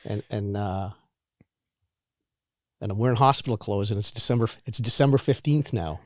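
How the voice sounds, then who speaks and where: Halting, low-voiced man in his forties. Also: a little mellow, no room sound, studio quality. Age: 40s. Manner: halting, repeats words and restarts. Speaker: guest sharing recovery story. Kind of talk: candid personal storytelling.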